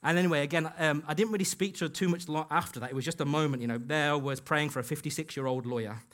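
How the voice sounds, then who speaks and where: A man's voice: fairly high pitch, rapid-fire, fairly bright tone. A man preaching a sermon in a church, telling a personal story in an earnest way and acting out the dialogue he quotes. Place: church hall.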